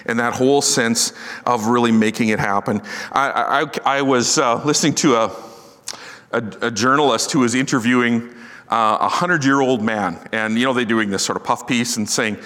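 Middle-aged male pastor, chatty self-mocking sermon, bright tone, big reverberant hall. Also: medium pitch, normal speed. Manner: conversational and self-deprecating, joking asides. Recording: long reverb of a large hall.

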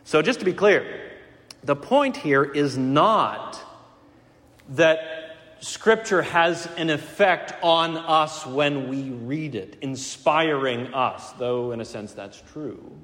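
A man preaching a Sunday morning sermon as pastor, earnest and emphatic, slowing to stress key words and speeding through asides. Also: fairly high pitch, fairly bright tone. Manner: earnest, emphatic, varies pace between slow stresses and quick asides. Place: church sanctuary. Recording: long hall reverb.

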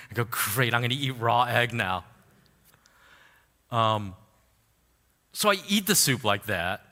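A man gives a sermon in a bright, clear voice, telling a story with animated ups and downs. He laughs at himself and goes quiet and low in prayerful passages. His voice rings out with a long reverb, as in a large hall. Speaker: pastor.

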